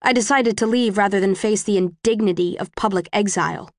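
Woman reading a cold bitter middle-aged leader lady, cool and measured. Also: mid-range voice, dry recording, clean studio sound, natural voice. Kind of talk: audiobook character reading.

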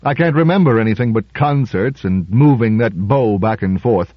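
Guy doing a nervous musician, husky, lots of pitch movement. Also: lively intonation, moderate pace, dry recording, dull audio. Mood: confiding. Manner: hesitant, defensive. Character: uneasy male concert violinist, guarded.

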